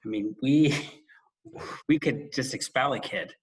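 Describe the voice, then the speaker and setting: A man co-hosts a casual podcast and tells a story from his school days. He talks in a loose, conversational way, with quick asides and laughs at himself. His voice sits in an ordinary middle range. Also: mid-range voice. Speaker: podcast co-host and former school administrator.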